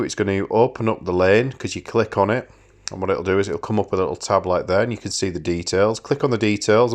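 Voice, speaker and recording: A man giving a casual, practical walkthrough as a motorcycle vlogger, plain-spoken, with fillers and quick self-corrections. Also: on the low side.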